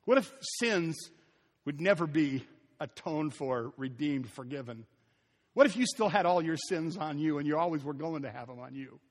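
A man preaching a sermon as pastor, animated, acting out scenes and sometimes dropping very soft. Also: fairly high pitch, normal speed. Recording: echoey hall with long reverb.

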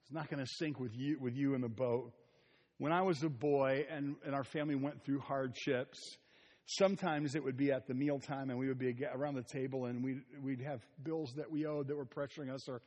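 A middle-aged man preaching a sermon, telling stories with asides and soft chuckles. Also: mid-range voice, fairly even intonation, a little fast, lo-fi sound. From Ohio. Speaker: pastor. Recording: long reverb of a large hall.

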